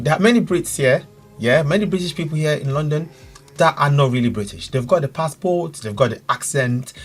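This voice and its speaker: A man's voice: mid-range voice, husky. A young man from Nigeria, giving casual, opinionated commentary to his viewers as a reaction vlogger. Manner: animated, direct, addresses viewers as guys.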